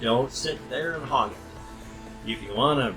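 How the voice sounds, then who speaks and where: An older man chatting casually to his webcam at home, rambling and tangential, with sudden loud bursts. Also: mid-range voice, measured pace, music in the background, poor audio. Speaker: vlogger.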